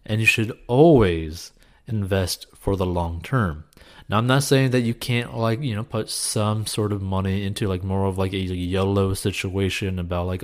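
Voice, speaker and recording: Responding to a viewer's question, this man gives relaxed, sincere financial advice in a deep voice at a moderate pace. He's encouraging as a finance advice host, frequently slipping in "like" and "you know."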